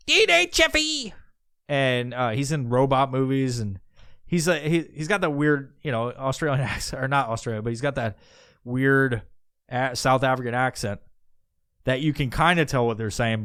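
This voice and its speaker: A man's voice: mid-range voice, a bit bright, dry recording, clean studio sound. Rambling, profane podcast man. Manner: rambling, profane, with many restarts. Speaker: podcast host. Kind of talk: casual rambling monologue.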